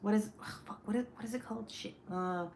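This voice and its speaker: A woman's voice: mid-range voice, fast, vocal fry, darkish tone, a little hiss or hum. A young woman hosting a casual craft livestream, chatting and reading comments aloud in a rambling, swearing way. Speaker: craft channel host.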